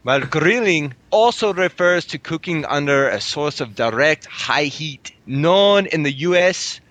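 A man's voice: lively intonation, a bit bright, no room sound, highs cut off. A man reading aloud in a put-on Scottish accent that drifts toward Irish. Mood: mock-formal. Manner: pitched up, slowed reading.

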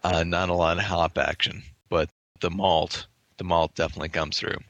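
A man with a lowish, gravelly voice co-hosts a casual podcast, talking about beer in a relaxed way full of restarts and swearing. His tone has a bright edge. The sound is dry and close. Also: normal speed, dry recording, dull audio. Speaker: podcast co-host. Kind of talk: casual beer-tasting chat.

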